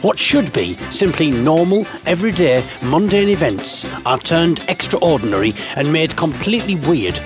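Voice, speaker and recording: A man's voice: on the high side, very animated, normal speed, few pauses, over music. A man telling a comic first-person story in a dry, sarcastic, wry manner. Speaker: narrator and host of a comic series.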